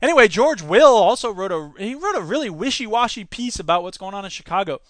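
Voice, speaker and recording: A man's voice: high voice, animated, fast, fairly bright tone, no echo. A man in his thirties hosting a podcast, reading quotes aloud and reacting to them with emphatic, opinionated commentary on education. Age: 30s. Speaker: podcast host and teacher.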